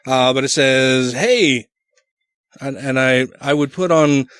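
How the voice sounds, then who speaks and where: A man's voice: medium pitch, slow pace, a bit bright, smooth, no room sound, clean studio sound. A man co-hosting a casual podcast, bantering and swearing freely. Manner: profane, laughing banter. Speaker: podcast co-host.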